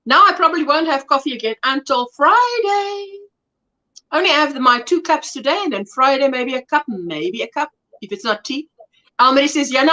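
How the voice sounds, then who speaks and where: A woman's voice: high-pitched, sharp tone, highs cut off. A South African woman hosting a casual livestream chat, reading viewer comments aloud and laughing often. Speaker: livestream host.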